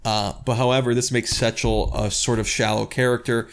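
A man's voice: mid-range voice, flat delivery, normal speed, smooth. A man co-hosting a podcast, talking about a book in a rambling, enthusiastic way and often restarting his sentences. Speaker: podcast co-host reviewing a book. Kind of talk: casual discussion.

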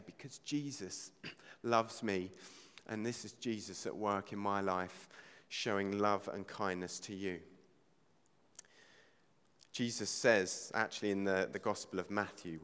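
A man's voice: lowish voice, a bit bright, smooth. Pastor guy giving a sermon, earnest and chatty, gets emphatic on the questions, lots of hall echo.

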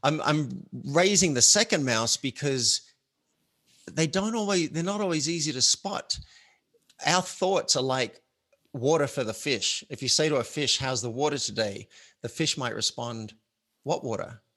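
An author and show host leads a casual conversation, speaking earnestly and reflectively and using simple analogies to explain ideas. His mid-range voice is a bit bright, with lively intonation and a slightly slow pace.

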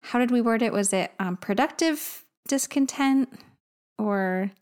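A woman's voice: fairly high pitch, unhurried, a little mellow. A woman co-hosting a podcast, friendly and agreeable in casual discussion. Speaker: podcast co-host.

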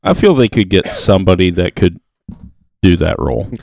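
A man's voice: sits low, very animated, moderate pace, gravelly, darkish tone, dry recording. A man on a casual podcast, blunt and dismissive in his opinions. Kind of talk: casual group chat.

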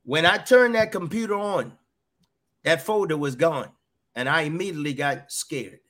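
A man's voice: a little high, moderate pace, a bit bright. A middle-aged man earnestly telling a personal faith testimony, often repeating his words as he goes. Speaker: guest sharing a faith testimony.

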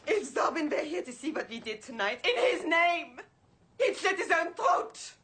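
A woman's voice: very high voice, very animated, normal speed, a bit bright, exaggerated voice. An actress playing a bitter, fed-up female assistant to a stage magician in a TV horror drama, with a scornful, accusing delivery.

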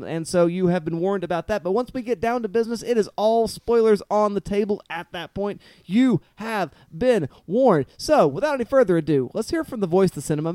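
A man hosting a casual film podcast, upbeat and quick-talking. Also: sits high, a little mellow, no echo, studio quality. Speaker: podcast host.

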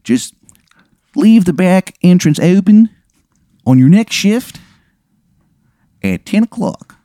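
Brief: a grating, squeaky Maryland-accented sleazebag, bad on purpose, dry close mic. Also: male voice, sing-song, slow pace, warm tone, no echo, heavily acted. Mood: scheming. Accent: put-on Maryland accent, badly done. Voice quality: grating, shrill. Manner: wheedling, calls people hun. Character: sleazy trench-coated man with terrible accent. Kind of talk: improvised comedic storytelling.

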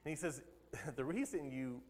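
Pastor preaching in a reverberant church hall. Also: male voice, a little high, expressive, moderate pace, a little mellow. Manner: conversational, laughs at his own jokes. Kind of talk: sermon.

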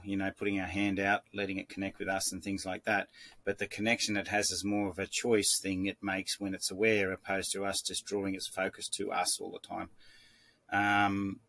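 Man, low voice, monotone, calm instructor, measured, restarts often. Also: no room sound. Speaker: horse trainer. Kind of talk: instructional talk.

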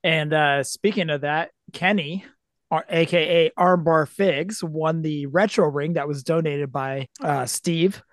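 A man with a raspy voice roughened by a cold, chatting easily on a podcast. His voice is fairly high for a man. The sound is dry and close, with no room echo. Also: unhurried. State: sick with a cold. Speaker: podcast co-host. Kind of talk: casual chat.

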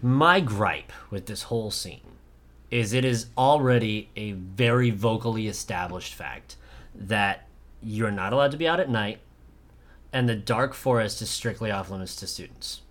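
A man's voice: lowish voice, measured pace, a bit bright. A man co-hosting a casual podcast, retelling film scenes with lots of swearing and acted-out quotes. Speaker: podcast co-host.

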